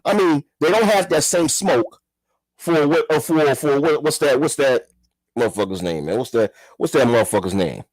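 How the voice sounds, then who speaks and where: A man delivers a heated, profane rant, circling back to the same points and throwing rhetorical questions. His voice sits a little high and husky and leaps around wildly in pitch. The sound is dry and close, with no room echo. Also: lively intonation, normal speed. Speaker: commentary vlogger. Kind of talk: ranting commentary.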